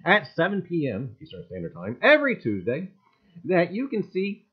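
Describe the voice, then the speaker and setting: A man hosting a casual livestream, greeting viewers one by one with exuberant shouts and leaning on catchphrases like "gang" and "I tell you.". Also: huge pitch swings, moderate pace, husky, highs cut off. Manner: exuberant, greets chatters one by one with sudden loud jumps in pitch. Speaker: livestream host.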